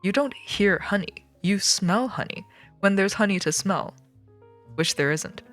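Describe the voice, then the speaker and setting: A woman's voice: mid-range voice, lively intonation, measured pace, a bit bright, faint music behind. A woman reading aloud, voicing a blunt young male mouse who is his brother's know-it-all. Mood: dismissive.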